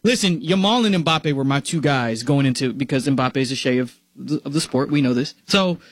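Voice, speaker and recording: A man's voice: mid-range voice, moderate pace, no echo. A man in his twenties co-hosting a casual podcast chat, telling stories with dry humor. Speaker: podcast co-host.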